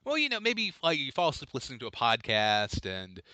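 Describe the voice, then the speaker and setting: A man's voice: mid-range voice, wildly swooping pitch, a little fast, sharp tone, no room sound. A man co-hosting a casual comedy podcast, playful and jokey, rambling with lots of fillers. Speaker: podcast co-host.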